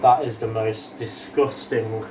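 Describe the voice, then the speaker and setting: A man's voice: fairly low pitch, flat delivery, slow, distant mic, noisy background. A young man cooking lasagna and talking it through with dry, rambling, sweary jokes, in an echoey kitchen away from the mic. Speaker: co-host cooking. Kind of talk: casual cooking chat. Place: home kitchen.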